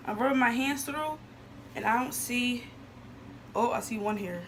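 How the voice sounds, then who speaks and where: Excited young woman vlogger, slightly high. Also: a little slow, a little hiss or hum. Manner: excited, chatty, addresses viewers as y'all. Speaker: beauty vlogger. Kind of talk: casual wig unboxing vlog.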